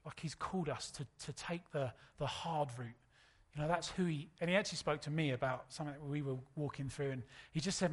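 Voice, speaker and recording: A man, preaching a sermon in a relaxed, storytelling way. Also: a little high, fairly quick, hardly any pauses. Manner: conversational, anecdotal preaching. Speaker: pastor.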